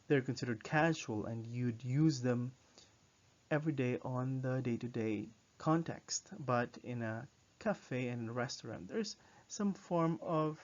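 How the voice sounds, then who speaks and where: A man teaching a recorded language lesson, repeating each phrase slowly for the learner to copy. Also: medium pitch, darkish tone. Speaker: French teacher. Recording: muffled lo-fi recording.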